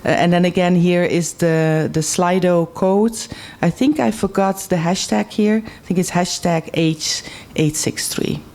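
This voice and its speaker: A woman organizing a workshop, giving halting housekeeping announcements into a microphone at the venue. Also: on the low side, fairly even intonation, a little mellow, slight background noise. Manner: halting, hesitant.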